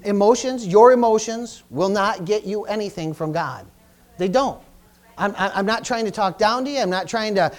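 A pastor preaching a sermon to his congregation, emphatic and repetitive, stumbling over restarts and calling out for amens. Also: high voice. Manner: emphatic, repetitive, stammering restarts, call-and-response. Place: church service.

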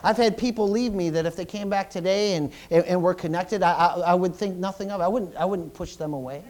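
Halting, fervent preacher man with a higher voice. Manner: halting, repeats words, swings between loud and soft. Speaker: pastor. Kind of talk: sermon.

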